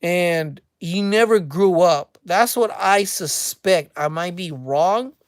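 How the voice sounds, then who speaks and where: A woman's voice: lowish voice, animated, slow pace, dry recording, clean studio sound. A woman hosting a casual commentary rant, mocking and speculative, repeating her phrases for emphasis. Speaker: commentary channel host.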